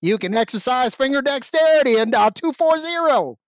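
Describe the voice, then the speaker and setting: A man's voice: extremely high pitch, expressive, moderate pace, no room sound, clean studio sound. A male co-host putting on a playful, exaggerated mock Southern drawl. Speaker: podcast co-host.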